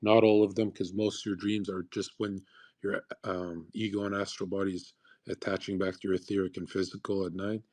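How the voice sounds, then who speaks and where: A young adult man speaks on a live audio call through an online voice-call mic, giving a crude, provocative, preachy monologue. His voice is low, a little mellow, brisk, and flat in delivery.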